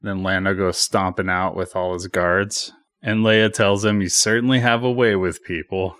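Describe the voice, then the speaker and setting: A man with a fairly low voice talks through a movie plot in a relaxed, casual way, slipping in dry little jokes between the story beats. The sound is close and dry, with no room around it. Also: moderate pace, dry recording. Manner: wry, joking asides while summarizing. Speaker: film recap narrator. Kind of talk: casual film recap narration.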